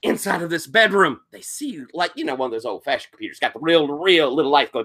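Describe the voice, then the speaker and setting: A man running a tabletop game, recapping the session as an animated storyteller who acts out quotes and sound effects. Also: a little high, fairly quick, creaky. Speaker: game master.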